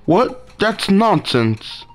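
A bewildered young monk from a game, as a man voices him lifted well above his usual pitch. His words come out confused and questioning, with game music faint behind. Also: big pitch swings, very slow, heavily acted. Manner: reading game dialogue aloud in a raised voice.

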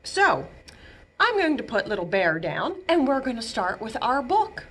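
A woman librarian reads a picture book aloud for babies in a high, slow, sing-song voice. Her pitch swoops up and down as she acts out a toddler's wails and screams. A faint hiss sits under the recording. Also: sing-song, fairly bright tone. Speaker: children's librarian. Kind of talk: storytime read-aloud for babies.

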